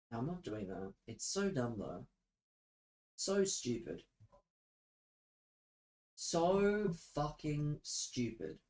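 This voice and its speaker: A man's voice: fairly high pitch, darkish tone, low-quality recording. Exasperated young man ranting to chat. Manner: exasperated, profane, sarcastic. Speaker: streamer. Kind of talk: live-stream rant to chat.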